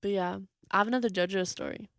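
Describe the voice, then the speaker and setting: Female co-host, casual and hesitant, mid pitch, dry close recording. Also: steady tone, fast talker, creaky, a bit bright, clear, resonant tone, no room sound. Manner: hesitant, searches for words with many fillers. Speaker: podcast co-host. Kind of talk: casual chat.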